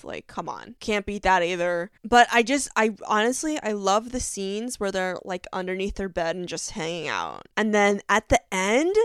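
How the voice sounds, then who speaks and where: A woman's voice: mid-range voice, expressive, normal speed, few pauses, smooth, no room sound, studio quality. A young woman hosting a casual solo podcast, talking in a gushing, enthusiastic way with lots of fillers. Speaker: podcast host.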